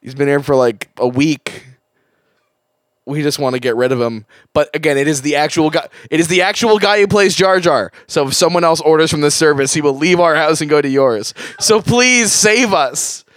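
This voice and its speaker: A man hosting a comedy podcast, reading a fake ad deadpan and then pleading desperately. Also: a little high, fairly quick, dry recording, clean studio sound. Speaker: podcast host. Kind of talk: mock ad read, comedic improv.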